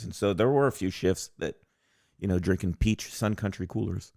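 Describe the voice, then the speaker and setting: Deep gravelly man, laid-back podcast chat. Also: a little fast, no echo, clean studio sound. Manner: relaxed, hesitant with fillers. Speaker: podcast co-host. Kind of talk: casual storytelling chat.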